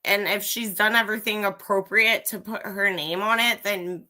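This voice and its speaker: A woman's voice: mid-range voice, steady tone, moderate pace, sharp tone. A woman hosting a livestream, giving a blunt, profane opinion rant straight to her viewers. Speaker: livestream host. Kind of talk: ranting live commentary.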